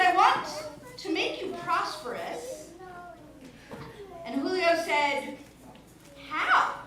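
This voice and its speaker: A woman's voice: sits high, sharp tone. A woman telling a story to a congregation, playful and chatty, joking with volunteers from the audience. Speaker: storyteller at a Shabbat service. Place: large synagogue sanctuary. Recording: echoey hall from far off.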